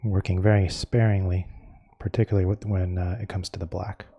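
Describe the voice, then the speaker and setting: A man teaching a painting lesson, explaining each step calmly and unhurriedly as he works. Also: deep voice, fairly quick. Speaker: painting instructor.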